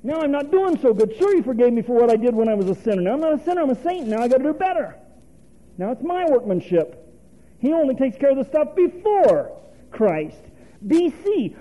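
A man's voice: very high voice, dark tone, poor audio. A male preacher giving a folksy, conversational sermon, quizzing the congregation and chuckling often.

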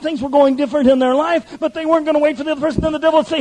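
A man's voice: extremely high pitch, fairly even intonation, racing, few pauses, a little mellow, poor audio. A male pastor preaching an impassioned sermon, speaking directly to his congregation.

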